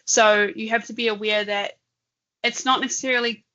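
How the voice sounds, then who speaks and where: A woman co-hosting an online talk, chatting casually and thinking aloud while demonstrating software, laughing often. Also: fairly high pitch, steady tone, normal speed, lo-fi sound. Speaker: webinar co-host. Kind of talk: casual live demo chat.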